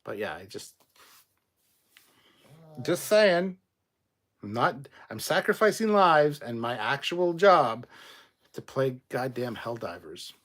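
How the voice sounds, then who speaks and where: A man's voice: medium pitch, big pitch swings, unhurried, a bit bright. Chatty man reading out livestream chat. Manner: chatty, swearing, reads out viewer comments with asides.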